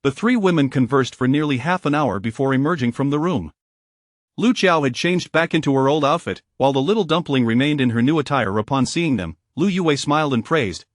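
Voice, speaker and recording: A man narrating a web novel audiobook in an even, plain storybook reading. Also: medium pitch, brisk, no echo, clean studio sound.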